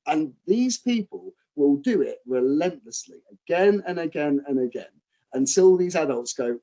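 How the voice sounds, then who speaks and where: A male professional wrestler and trainer, a guest telling stories in a casual interview, animated and acting out quotes. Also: on the high side, moderate pace, rough recording. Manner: animated, acts out quotes, fillers and restarts.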